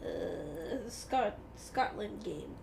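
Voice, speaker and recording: A woman's voice: medium pitch, lively intonation, extremely slow, creaky, a little mellow, slight background noise. A woman co-hosting a podcast in casual chat, playful and laughing often. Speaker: podcast co-host.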